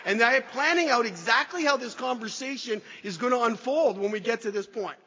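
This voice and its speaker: Man, high voice, self-mocking storyteller, testimony in an echoey hall, dull lo-fi sound. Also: animated, a little fast, few pauses, bright, forceful tone, slight background noise. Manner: self-deprecating storyteller with frequent restarts. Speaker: recovery speaker sharing his story. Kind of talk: personal testimony talk. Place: hall with a live audience.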